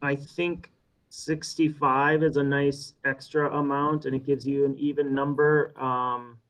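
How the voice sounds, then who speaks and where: A man's voice: mid-range voice, flat delivery, measured pace, fairly bright tone, rough recording. Man explaining budgets in a meeting. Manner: explanatory, hesitant. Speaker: school administrator. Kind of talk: school council meeting.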